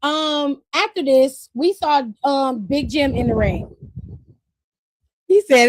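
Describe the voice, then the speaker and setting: A woman hosting a live stream, recapping wrestling in casual chat, animated, profane and laughing often. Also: sits high, a little slow, no echo.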